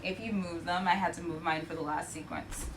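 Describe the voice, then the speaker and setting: A young woman teaching a yoga class from home, giving gentle cues with chatty, encouraging asides. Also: fairly low pitch, fairly even intonation, brisk, very noisy. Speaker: yoga instructor. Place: home practice space.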